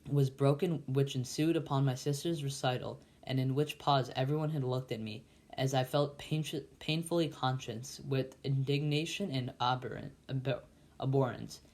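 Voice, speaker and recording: A man reading a classic novel aloud as a volunteer, halting and often stumbling and restarting words. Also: mid-range voice, steady tone, a little mellow. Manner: halting, with frequent slips and restarts. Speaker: volunteer reader.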